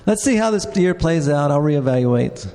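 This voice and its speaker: A man's voice: a little high, animated, normal speed, dark tone. A man who created a treasure hunt, answering audience questions with a hesitant, repeating manner and some laughter. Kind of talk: live Q&A answers. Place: large convention hall. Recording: echoey convention hall reverb.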